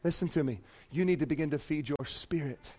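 A man preaching a fervent sermon as pastor in a church, moving from quiet asides to shouted commands. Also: on the high side, brisk.

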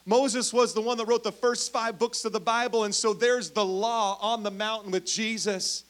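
Guy preaching a sermon, kinda high voice, storytelling, goes big then hushed, talks right to the crowd. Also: normal speed. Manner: animated storytelling, swings from loud emphasis to hushed; addresses congregation directly. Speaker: pastor.

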